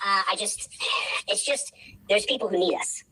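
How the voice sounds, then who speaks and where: A man's voice: high voice, normal speed, sharp tone, slight background noise, rough recording. A man livestreaming who rambles emotionally, repeats himself and pleads. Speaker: livestreamer asking for a fundraiser.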